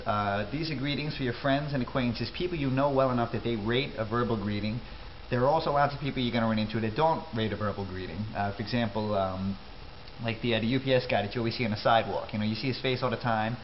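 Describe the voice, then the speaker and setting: A man's voice: medium pitch, fairly even intonation, quick pace, dull audio, a little hiss or hum. A man with a New York accent giving a brash, wisecracking tutorial on local greetings. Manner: brash, wisecracking, matter-of-fact. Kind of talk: comedic tutorial.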